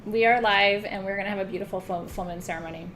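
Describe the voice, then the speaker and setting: A woman's voice: mid-range voice, fast talker, a bit bright, a little hiss or hum. A middle-aged woman hosting a live-streamed spiritual ceremony, chatting casually, joking about herself and swearing lightly. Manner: joking, self-mocking, swears casually, laughs often. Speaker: host of an online spiritual ceremony.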